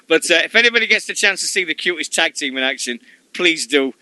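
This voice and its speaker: A man with a Sheffield accent co-hosting a radio show, telling stories in an excitable, sweary way. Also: a little high, normal speed, dry recording, low-quality recording. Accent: Sheffield English. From Sheffield, England. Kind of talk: casual chat.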